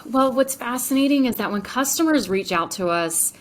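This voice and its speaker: A woman's voice: on the high side, lively intonation, moderate pace. Woman, entrepreneur, podcast guest, enthusiastic, chatty, filler words. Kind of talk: podcast interview.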